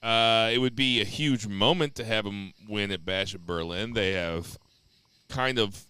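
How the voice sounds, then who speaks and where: Podcast co-host, male, lowish voice, bright and crisp, blunt deadpan delivery, dry close mic. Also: measured pace, no echo. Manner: blunt, swears freely, deadpan jokes. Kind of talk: casual wrestling podcast chat.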